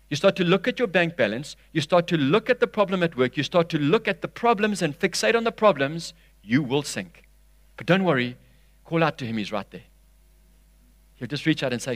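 Man, preacher, sermon, lively rising and falling pitch, slightly high voice, dramatic loud-to-hushed delivery. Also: moderate pace, no echo. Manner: reads scripture aloud with expression.

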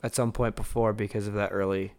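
A man's voice: lowish voice, little pitch movement, brisk, a little mellow. A man co-hosting a casual movie podcast, joking and reading out trivia questions. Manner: runs trivia quizzes, joking. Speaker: podcast co-host.

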